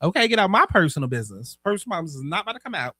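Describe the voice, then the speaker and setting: A man running his own commentary show, sassy and profane. His voice sits high and bright. It is recorded close and dry, with no room around it. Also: sing-song, very fast, dry recording. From United States. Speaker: host. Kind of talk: casual commentary.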